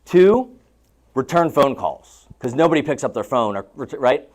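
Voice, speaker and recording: A man with a mid-range, animated voice speaks at a moderate pace while coaching real estate agents at a live seminar. He spins chatty stories and puts questions to the audience.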